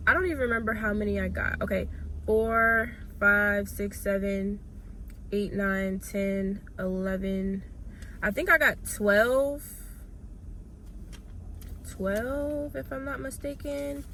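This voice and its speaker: A woman's voice: medium pitch, pushed and bright, slight background noise. A young woman who is a little sick, chatting casually to her viewers from her car and counting off her shopping finds. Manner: chatty, tallies items aloud, addresses viewers directly. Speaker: couponing vlogger. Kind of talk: casual vlog chat. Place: parked car.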